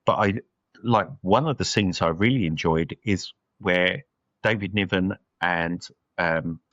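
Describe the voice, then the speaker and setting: A man's voice: sits low, a little slow, fairly bright tone, dry recording, dull audio. A man co-hosting a podcast, chatting casually about a film and thinking aloud with lots of fillers. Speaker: podcast co-host. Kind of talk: casual film review chat.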